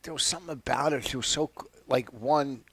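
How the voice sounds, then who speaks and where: A man's voice: medium pitch, fairly quick, a bit bright, breathy edge, no echo. A man, a comedian, telling stories in a casual radio talk and laughing often. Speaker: guest comedian.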